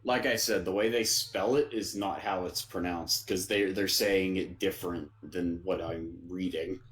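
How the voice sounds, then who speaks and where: A man's voice: low voice, fairly even intonation, unhurried, a bit bright, low-quality recording. A man co-hosting an anime podcast, talking easily with lots of fillers and frequent laughs. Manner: easygoing, hesitant with fillers, laughs often. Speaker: podcast co-host. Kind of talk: casual anime recap chat.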